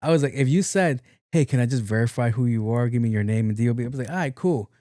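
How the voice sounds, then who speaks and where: A man's voice: medium pitch, fast, no echo, studio quality. A man hosting a podcast, telling a story in a casual style and acting out the other people's lines, with some laughs. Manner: animated retelling with acted-out quotes and laughs. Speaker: podcast host.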